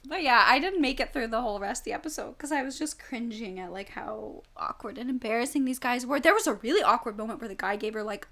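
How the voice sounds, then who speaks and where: Podcast co-host in her twenties, young woman, chatty and filler-heavy, bright higher voice. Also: fast talker, hardly any pauses. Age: 20s. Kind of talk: casual chat.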